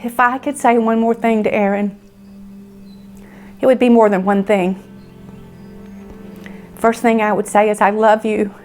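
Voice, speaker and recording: A middle-aged woman gives a personal testimony as a bereaved mother. Her voice sits fairly high, and she speaks in halting, emotional phrases with many pauses. Faint music plays softly beneath her. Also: fairly even intonation.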